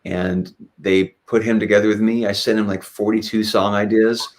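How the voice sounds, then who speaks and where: A man's voice: on the low side, moderate pace. A man, a guest musician, telling stories in a casual interview, rambling with frequent restarts and fillers. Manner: lively when retelling anecdotes. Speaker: guest musician, singer and guitarist.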